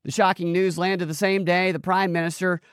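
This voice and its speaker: A man's voice: high voice, level tone, normal speed, clean tone, dry recording, studio quality. A man hosting a political podcast, reading news aloud and adding sarcastic, incredulous commentary with laughing asides. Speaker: podcast host.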